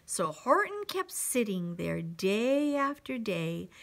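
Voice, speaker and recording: Teacher reading aloud to kids, slow, lively and expressive, bright high voice. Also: female voice, vocal fry. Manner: expressive, asides to young listeners. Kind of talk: reading a picture book aloud to children.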